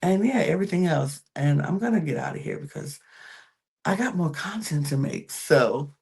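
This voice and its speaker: Chatty podcast host with a gravelly fry. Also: mid-range voice, lively intonation, normal speed, a little mellow. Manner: chatty, gossipy, trails off into fillers; addresses viewers directly. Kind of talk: casual reality-TV recap.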